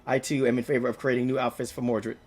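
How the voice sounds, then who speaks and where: A man's voice: mid-range voice, level tone, darkish tone, faint music behind, close to an everyday voice. Man doing a grave, ornate noble artisan. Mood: resolute. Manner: measured, formal, ornate speech. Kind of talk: reading game dialogue aloud.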